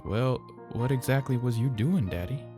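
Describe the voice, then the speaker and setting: A man voicing a small, curious boy with a Southern accent who talks in a timid, halting country drawl. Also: mid-range voice, music in the background, voice pushed up, close to an everyday voice. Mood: pleading. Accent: American Southern.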